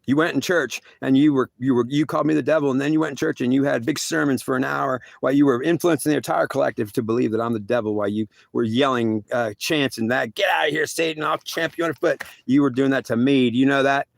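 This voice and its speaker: A man's voice: mid-range voice, steady tone, quick pace, gravelly, hardly any pauses, dry recording, natural voice. A man voicing a stern, lecturing God. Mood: scolding. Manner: repetitive, lecturing, stumbling restarts. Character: stern, scolding male God speaking to a soldier.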